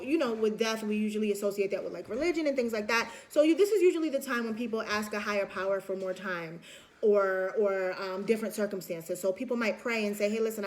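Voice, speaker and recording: A woman giving a casual recorded lecture, chatty, acting out everyday examples with lots of fillers and restarts. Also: fairly high pitch.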